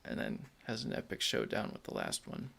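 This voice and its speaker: A man's voice: a little fast, fairly bright tone. A man co-hosting a casual movie-review podcast, giggling often as he eagerly explains the lore. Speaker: podcast co-host.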